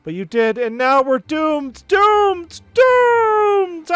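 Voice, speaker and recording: A man's voice: extremely high pitch, a bit bright, dry recording, voice pushed up, full character voice. A man voicing a frail grieving old woman who wails in a folksy dialect, reading game dialogue aloud. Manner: dramatic folksy dialect, wailing.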